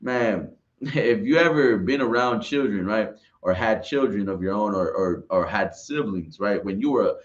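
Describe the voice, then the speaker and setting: Man, low voice, rambling class talk, keeps asking right, dull lo-fi sound. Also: expressive, unhurried. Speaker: class speaker. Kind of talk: informal religious class talk.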